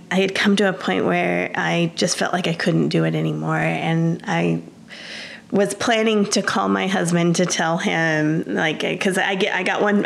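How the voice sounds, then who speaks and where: Low gravelly woman telling her story. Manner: earnest storytelling with frequent restarts. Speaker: interview guest. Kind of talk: personal testimony.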